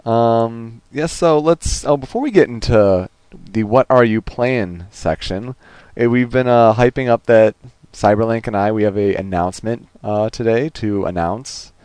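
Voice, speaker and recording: A man's voice: medium pitch, measured pace, smooth, no echo. A man co-hosting a casual gaming podcast, rambling along with plenty of ums and uhs. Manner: relaxed, rambling with many fillers. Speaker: podcast co-host.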